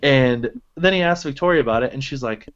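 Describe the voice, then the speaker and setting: A man's voice: medium pitch, brisk, dull audio. Profane, ranting young podcast guy. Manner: animated, profane ranting with mimicking quotes. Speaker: podcast co-host. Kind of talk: casual chat.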